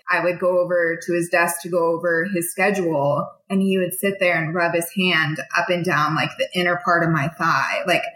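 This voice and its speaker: A young adult woman, a military veteran, tells her own story frankly and conversationally, using many fillers. Her voice is lowish and a bit bright, and the room is echoey.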